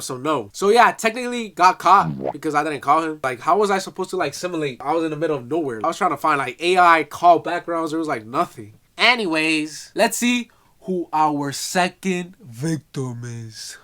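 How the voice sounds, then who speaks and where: A man's voice: on the high side, a little fast. A young man vlogging, casually telling a prank story into his phone, joking and reading out text messages in a mock voice. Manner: animated, reads out texts in a mock voice, jokey.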